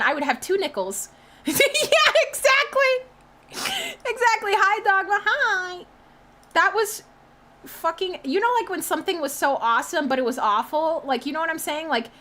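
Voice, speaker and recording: A young woman with a high-pitched voice is streaming, reacting loudly with shrieks and swearing. Afterward she rambles casually about what she watched.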